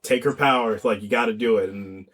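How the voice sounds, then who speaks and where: A man's voice: lowish voice, a bit bright. Eager man chiming in on a podcast. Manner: eager, chimes in with frequent mm-hmms and quick asides. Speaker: podcast co-host. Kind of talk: casual movie review chat.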